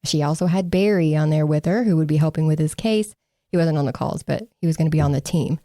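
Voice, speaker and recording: A woman with a lowish, mellow voice recaps a case in casual podcast chat. She is sarcastic and often laughs, with mocking asides. The sound is dry and close. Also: fast, no room sound. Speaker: podcast co-host.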